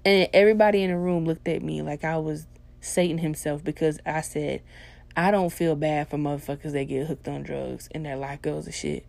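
Low-voiced woman host, blunt and profane, ranting in a casual monologue. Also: moderate pace, creaky. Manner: blunt, heavily profane, swings into loud animated ranting.

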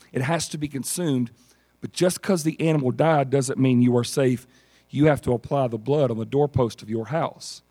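A man preaching a sermon and telling stories in an animated way, acting out the characters. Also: medium pitch, breathy edge. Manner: animated storytelling, acts out characters. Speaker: pastor.

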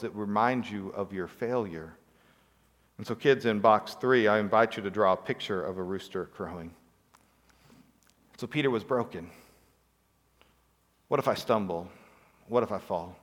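A man's voice: lowish voice, long reverb tail. A man preaching a sermon, telling a story with acted-out quotes and rhetorical questions. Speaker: pastor.

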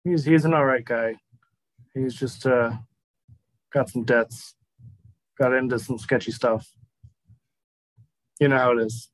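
A man's voice: medium pitch, steady tone, a little slow, pauses often, dry recording, natural voice. A man voicing a blunt, tough woman who works with animals, talking curtly and brusquely. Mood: gruff. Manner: curt, brusque, calls others "little man".

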